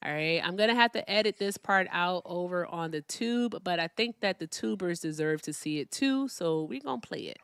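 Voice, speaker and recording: A woman's voice: on the low side, expressive, normal speed, few pauses, a bit bright, clean tone, dry recording, studio quality. A woman from Virginia with a Midwestern accent hosting a casual livestream, chatting and thanking viewers for their gifts. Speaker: livestream host.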